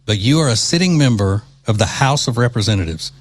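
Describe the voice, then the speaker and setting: A man's voice: medium pitch, animated, brisk, breathy edge. A man from Louisiana hosting a political talk show, delivering mocking, indignant commentary.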